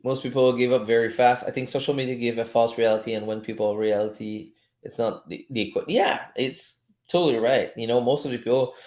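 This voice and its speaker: A French-native man coaches viewers on a live trading stream, chatting loosely as he reads charts, chuckling and swearing now and then. His mid-range, darkish voice echoes around a roomy space.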